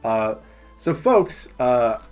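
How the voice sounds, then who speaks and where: Lively-voiced man running a tabletop game. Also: medium pitch, drawn-out words, faint music behind. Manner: casual, laughing often. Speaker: game master.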